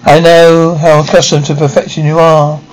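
An actress playing a rebellious grown daughter who feels trapped at home, speaking in sharp, scornful outbursts in a 1950s TV drama style. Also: female voice, low-pitched, level tone, normal speed, a little hiss or hum, close to an everyday voice, poor audio. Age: young adult.

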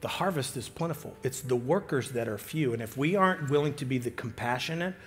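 A pastor preaching a sermon, swinging from loud emphatic lines to hushed near-whispers, with halting restarts. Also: male voice, mid-range voice, faint music behind.

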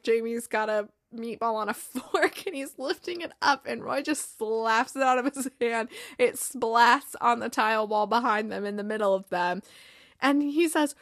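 A woman's voice: on the high side, a bit bright, no echo, clean studio sound. A woman hosting a podcast, casually recapping a TV episode, chatty and laughing often.

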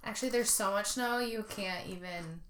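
A woman's voice: mid-range voice, normal speed. Blunt, teasing woman over background chatter. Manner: blunt, teasing, swears casually. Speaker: podcast guest. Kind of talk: casual chat.

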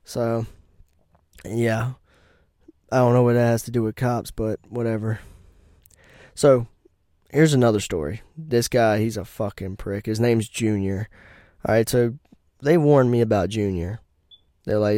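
Young man, blunt and crude, mellow tone, dry close recording. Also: medium pitch, a little slow, pauses often, dry recording. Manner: blunt, profane, laughs at own stories. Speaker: podcast host. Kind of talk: casual profane storytelling.

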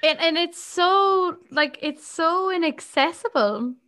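A woman co-hosting a podcast, giving lively reactions and quick asides. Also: extremely high pitch. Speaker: podcast co-host. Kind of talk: casual book chat.

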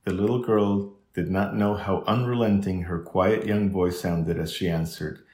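A man reading a classic children's novel aloud in measured, even storytelling. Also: sits low. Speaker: audiobook reader. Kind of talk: scripted narration. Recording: roomy echo.

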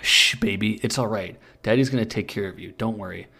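A man reading aloud the lines of a doting adult male caretaker character in a soft, coaxing way. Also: lowish voice, brisk, vocal fry, husky, heavily acted.

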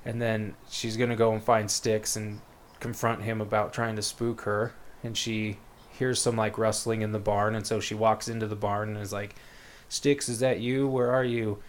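Here a man with a lowish voice retells a book plot in casual chat, his delivery completely flat, at normal speed and with few pauses. He rambles in a laid-back way, full of fillers and quoted lines.

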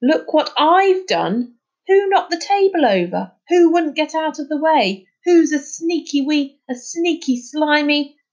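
A woman voicing a hot-tempered schoolboy bully, shouting in anger. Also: medium pitch, unhurried, few pauses, dull audio, lightly acted. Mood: angry. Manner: shouting, aggrieved.

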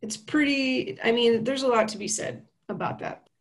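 A young woman with a slightly high voice, telling a film's plot in a loose, slangy and playful way. She jokes her way through each scene as she goes. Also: expressive, normal speed. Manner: chatty, slangy, playful storytelling. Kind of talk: casual film recap.

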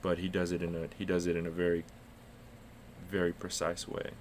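Man, deep voice, casual podcast chat, rambling profane storyteller. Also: monotone, brisk, slight background noise. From United States. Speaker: podcast co-host.

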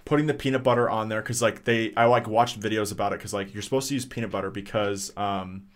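This young podcast co-host speaks fast in a lowish voice with fairly even intonation. He casually tells a rambling story, swearing often and filling it with fillers and restarts.

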